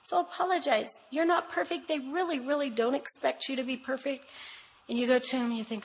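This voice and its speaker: Speaking briskly to a room of women, an older woman with a slightly high voice delivers a chatty, sermon-style talk as a guest at a women's conference. She's emphatic and homespun, talking straight to her audience and sharing family anecdotes, captured in a low-quality recording with slight background noise.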